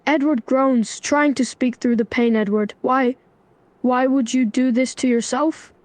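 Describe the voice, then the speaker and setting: A text-to-speech woman's voice, narrating a melodramatic role-play story and speaking its lines in an even, scripted way. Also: high voice, measured pace, dry recording. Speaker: AI chatbot narrator.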